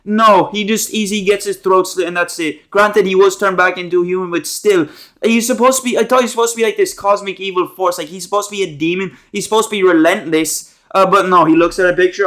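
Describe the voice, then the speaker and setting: A young man rants casually about horror films. His voice sits high, and he rambles sarcastically, full of slang and restarts. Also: fast talker, fairly bright tone. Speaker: movie reviewer. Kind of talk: casual rambling movie rant.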